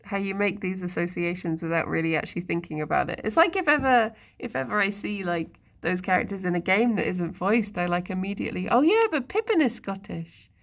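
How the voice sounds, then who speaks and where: A woman's voice: fairly low pitch, brisk, few pauses. A woman streamer in casual live-stream chat, musing aloud and talking to her viewers and pets. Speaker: livestreamer.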